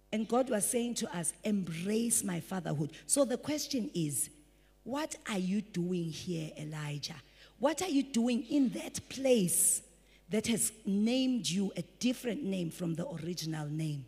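A woman pastor preaching a sermon, animated, slipping into quoted voices. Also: mid-range voice, moderate pace. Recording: breathy voice in a large reverberant hall.

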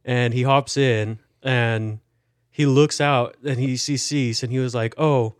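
A man's voice: medium pitch, fairly even intonation, measured pace, no room sound, studio quality. A young man in casual podcast chat, telling a story and acting out what his friends said. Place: podcast studio.

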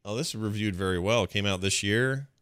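A man's voice: fairly low pitch, fairly quick, fairly bright tone, no echo, studio quality. A man co-hosting a movie podcast in casual chat, talking with rambling enthusiasm. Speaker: podcast co-host.

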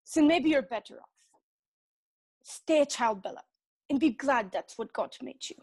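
A hard, unyielding elderly mother, played by an actress, her voice pitched high yet clipped. She scolds and commands in short, curt lines. The delivery belongs to a stage drama. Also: lively intonation, normal speed, darkish tone. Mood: stern. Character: stern, cold elderly mother.

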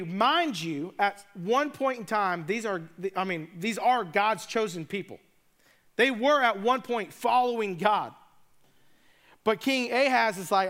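A man's voice: sits high, lively intonation, a little slow, a bit bright. A man preaching a sermon, retelling scripture in a casual, joking way with conversational asides. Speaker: pastor.

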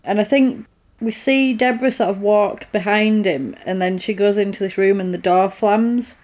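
A woman with a mid-range voice, speaking at normal speed, casually recaps a horror film. She animates the retelling by voicing the characters' lines as she goes.

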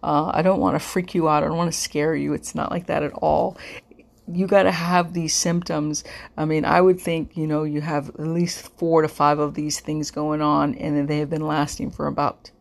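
A woman's voice: deep voice, level tone, normal speed, creaky. A middle-aged woman hosting a podcast, talking earnestly in a casual way, often repeating herself with fillers. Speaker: podcast host. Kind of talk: casual informational podcast talk.

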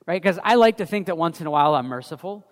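A man in his thirties giving a conversational sermon as a pastor, telling stories from family life in an animated way. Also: a little high, fast. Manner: conversational, anecdotal, animated storytelling. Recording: long hall reverb.

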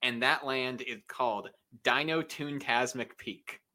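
A man hosting a podcast chat, his voice bright and forward. He laughs easily and reads long lists aloud in an upbeat, casual way. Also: mid-range voice, unhurried. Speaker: podcast host running a naming game.

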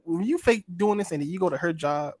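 Man weighing in, even and measured. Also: high voice, dry recording. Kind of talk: casual chat.

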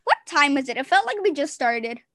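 A woman hosting a casual podcast over a Zoom call, chatty and giggly, breaking into quick excited bursts. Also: high voice, no echo, clean studio sound. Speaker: podcast host. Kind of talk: casual chat.

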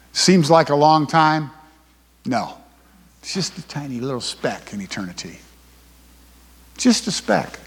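An older man preaching a sermon as pastor, folksy, swinging from loud emphasis to hushed asides. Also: on the high side. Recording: long hall reverb.

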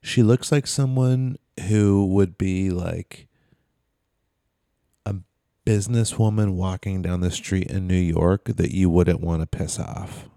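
A man's voice: low voice, fairly even intonation, slow, vocal fry, mellow, no echo, clean studio sound. A man co-hosting a podcast, telling stories in casual chat, rambling with lots of fillers. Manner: rambling, filler-heavy storytelling. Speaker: podcast co-host.

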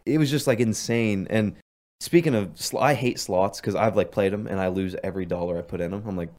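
A man's voice: on the low side, a little fast, a little mellow. A young man telling rambling stories in casual chat with friends, full of fillers and laughs. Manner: rambling storyteller, lots of "like", laughs often.

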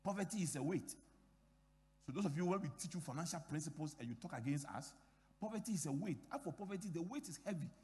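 Emphatic pastor in an echoing hall. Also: male voice, fairly high pitch, animated, fast talker, darkish tone. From Ghana. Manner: emphatic preaching with repeated phrases and acted-out dialogue. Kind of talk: sermon.

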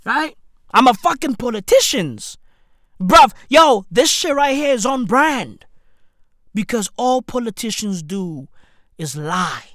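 A man, delivering a profane, slang-filled comedic rant and often breaking into shouts. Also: extremely high pitch, expressive, takes it slowly, dry recording, clean studio sound. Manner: loud swearing slang-heavy, jumps to shouts. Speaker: comedic ranter.

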